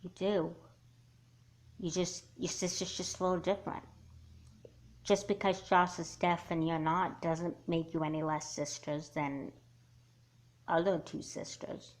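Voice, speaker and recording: A woman voicing a calm, blunt teenage girl in a doll movie, asking pointed questions in a level way. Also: on the low side, a little slow, pauses often, lightly acted. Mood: advising.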